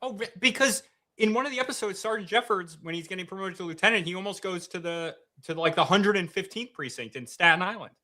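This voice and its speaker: A man from Connecticut co-hosts a casual podcast, curiously firing off one question after another. His voice is high, fast, and bright, with a forceful tone.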